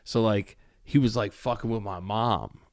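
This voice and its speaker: A man's voice: on the low side, a little slow, no room sound, clean studio sound. A young man casually telling wild family stories on a podcast, loose and profane. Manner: loose, profane, lively storyteller. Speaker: podcast co-host. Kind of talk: casual storytelling chat.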